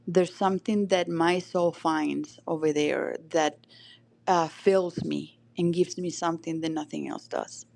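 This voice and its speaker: This is a woman with a Chilean Spanish accent and a fairly low voice that has a gravelly, fry-tinged edge. She speaks as a podcast guest in a reflective, storytelling way, pausing often on fillers as she thinks aloud. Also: steady tone, a little mellow. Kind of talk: casual conversation.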